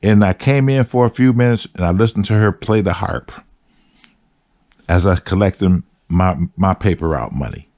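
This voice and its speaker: A man's voice: sits low, moderate pace, darkish tone, no room sound. A man hosts his show, telling a story in a loose, profane, slang-heavy way. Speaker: host. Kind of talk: storytelling monologue.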